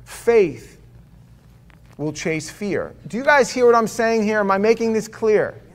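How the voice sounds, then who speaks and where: A man preaching in church, his voice sitting a little higher than most men's. He tells his sermon as a loose, conversational story and keeps asking the room rhetorical questions. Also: lively intonation, a little slow. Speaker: pastor.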